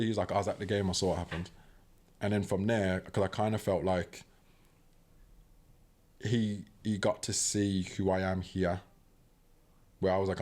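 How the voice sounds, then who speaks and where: Podcast guest: young British man, low voice, animated casual storytelling. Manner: animated, acts out quoted voices; fills talk with "do you know what I mean".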